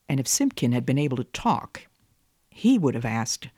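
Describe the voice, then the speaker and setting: A woman radio host reading a children's story aloud in a gentle, measured way. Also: extremely low pitch, very animated, no room sound, studio quality.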